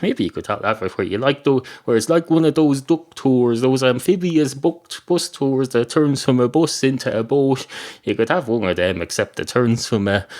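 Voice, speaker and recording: A man's voice: medium pitch, darkish tone. An Irish man hosting a podcast, rambling through a sarcastic, profane comic monologue. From Ireland. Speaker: podcast host.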